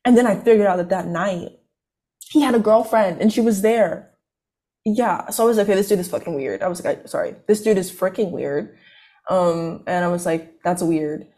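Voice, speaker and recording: In a mellow, fairly low voice at normal speed, a young college student chats casually through a long story. She rambles, leans heavily on fillers, and keeps cutting herself off to restart.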